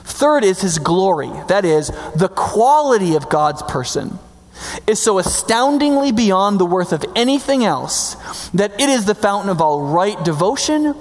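A man preaching a sermon in a conversational, emphatic way, slowing down to stress key words. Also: high-pitched, sing-song. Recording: long reverb hall.

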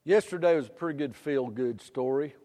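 A middle-aged man preaching a sermon, swinging from loud preaching to quiet storytelling. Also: medium pitch, a little fast. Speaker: pastor. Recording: church hall reverb.

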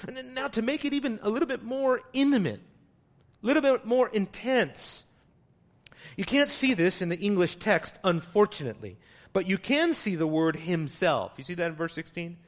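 A man preaching a sermon, teaching from the Greek text, moving between quiet asides and loud, stressed words. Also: sits high, expressive, moderate pace. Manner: teaching, explains Greek wording.

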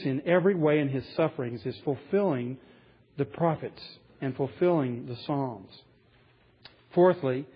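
A man's voice: medium pitch, slightly rough, muffled recording. A man preaching a sermon, earnest and rising to emphatic passages as he reads scripture aloud. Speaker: pastor.

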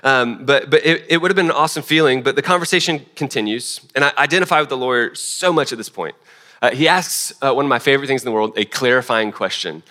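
A man delivering a sermon to a congregation, his voice bright and forward. He talks in a loose, chatty way, with restarts and fillers and self-deprecating asides, at a middling pitch. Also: quick pace. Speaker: pastor.

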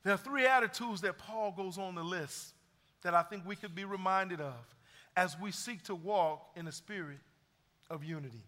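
A man's voice: high voice, moderate pace, pushed and bright. A middle-aged man preaching a sermon as pastor, building emphasis and retelling stories with energy. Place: church sanctuary. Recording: long hall reverb.

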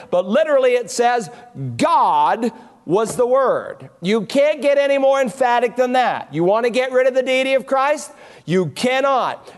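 High-voiced man preaching a sermon. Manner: emphatic, rhetorical questions, repeated triads. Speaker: pastor. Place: church sanctuary at a pulpit.

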